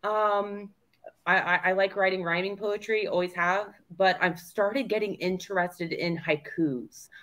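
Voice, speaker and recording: A woman's voice: medium pitch, steady tone, a little slow, fairly bright tone. A woman co-hosting a casual talk show, blunt and self-deprecating, with frequent swearing. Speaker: co-host, writer. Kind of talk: casual chat.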